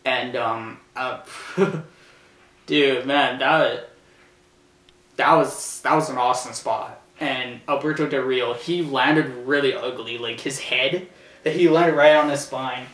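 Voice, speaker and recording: A man hosting a casual review, rambling and hesitant with many fillers and restarts, breaking into loud shouted impressions as he retells the action. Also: medium pitch, slow pace. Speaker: show host reviewing a wrestling event. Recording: roomy, distant from the mic, faint noise.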